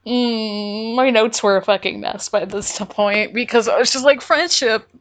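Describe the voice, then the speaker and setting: A young woman co-hosts a casual podcast, her voice sitting a little high as she talks. She gushes with excitement and swears freely. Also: unhurried. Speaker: podcast co-host. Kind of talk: casual chat.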